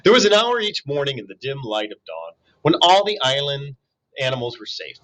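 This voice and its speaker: A man reading a children's novel aloud in an expressive way, with asides to young listeners. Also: medium pitch, moderate pace, low-quality recording. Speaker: reader.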